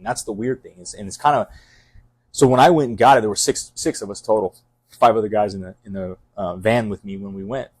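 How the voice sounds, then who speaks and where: A middle-aged man with a fairly low voice talks fast and intensely, circling back with restarts and fillers. The sound is dry and close, and his manner is that of a casual podcast chat. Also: steady tone, darkish tone, no room sound. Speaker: fire captain.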